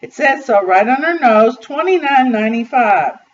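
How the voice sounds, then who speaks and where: A woman plays a gruff male cashier who insists loudly and will not back down. The recording is far off and muffled, with a faint hiss. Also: a little high, lively intonation, moderate pace, natural voice. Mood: bossy. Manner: bossy, insistent.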